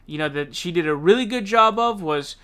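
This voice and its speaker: Male commentary host, high-pitched, heated and profane, casual rant. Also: animated, fairly quick, a bit bright, clear, resonant tone.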